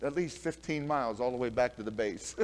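A pastor preaching a sermon, telling folksy stories, laughing at his own tales and swinging from quiet asides to loud, emphatic preaching. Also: medium pitch, animated, moderate pace.

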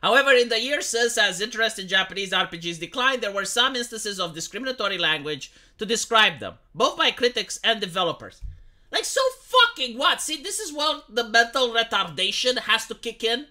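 A woman's voice: on the high side, very animated, fairly quick, sharp tone. A woman streamer giving a mocking, emphatic opinion rant on gaming news, full of sarcasm. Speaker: commentary streamer. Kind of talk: ranting opinion commentary. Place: home streaming setup.

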